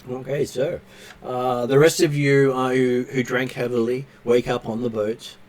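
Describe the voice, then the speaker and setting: A man narrating a tabletop game as game master, pausing often on fillers as he describes scenes. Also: mid-range voice, flat delivery, a little mellow. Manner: hesitant, filler-heavy narration.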